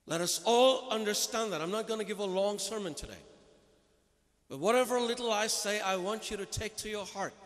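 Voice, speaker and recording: A man's voice: sits high, brisk, a bit bright. A man preaching a sermon, emphatic and putting rhetorical questions to his listeners. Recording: long reverb of a large hall.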